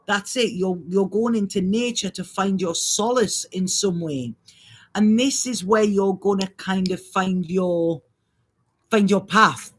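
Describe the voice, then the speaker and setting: A woman works through an improvised astrology and intuitive reading. Her talk is halting and meandering, with phrases started over as she goes. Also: medium pitch. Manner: halting, rambling, restarts phrases.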